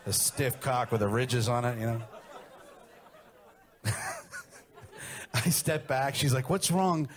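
A man performing a crude stand-up routine, telling stories deadpan and acting out the quotes. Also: mid-range voice, normal speed, a faint crowd. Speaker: stand-up comedian.

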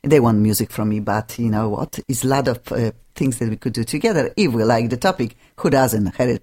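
A woman's voice: a bass voice, fairly quick, mellow. A woman hosting a radio show in casual interview chat, speaking with a foreign accent and gushing, non-native phrasing.

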